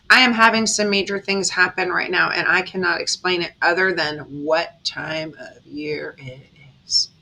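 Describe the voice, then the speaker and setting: A woman talking casually to her viewers as a tarot reader, animated and dramatic, often breaking into laughter. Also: mid-range voice. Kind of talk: casual chatty reading to viewers.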